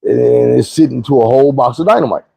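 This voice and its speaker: A man's voice: mid-range voice, quick pace, gravelly, husky, dry recording, poor audio. A young man telling a profane, vivid personal story in a casual monologue. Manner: vivid, profane retelling with shouted quotes.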